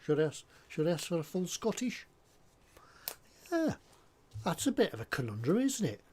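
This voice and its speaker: A man's voice: a little high, huge pitch swings, moderate pace, a little mellow, breathy edge. A man chatting casually and jokily at his hobby workbench while he works on a model, often drifting off topic. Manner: rambling and jokey, drifts off topic. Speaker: scale model builder.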